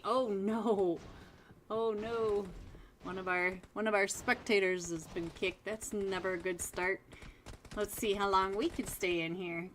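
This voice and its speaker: A young woman casting a live esports match, chatty and quick to laugh, calling out players by name. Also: medium pitch, fairly bright tone, slight background noise. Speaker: esports caster. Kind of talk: live game commentary.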